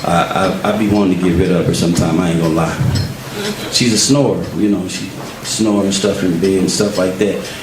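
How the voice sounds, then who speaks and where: A man performing a stand-up comedy set, telling animated stories and acting out voices. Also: sits low, brisk, noisy background. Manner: animated storytelling, acts out voices. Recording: roomy live club sound from far off. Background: crowd laughter.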